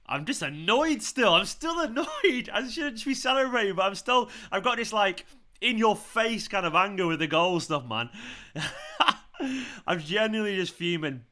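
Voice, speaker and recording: A man hosting a live football watchalong, ranting and cursing at the officials. His voice is bright and fairly high. He talks like a fired-up fan. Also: lively intonation, normal speed. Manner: ranting, swearing, shouting in celebration. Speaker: football fan channel host. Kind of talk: live match watchalong commentary.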